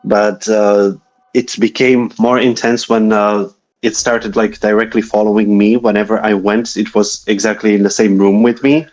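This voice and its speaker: A man's voice: fairly low pitch, flat delivery, moderate pace, darkish tone, dull audio, soft background music. A man telling a guest's ghost story in a casual, hesitant way, often searching for words. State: a little shaky from reliving memories.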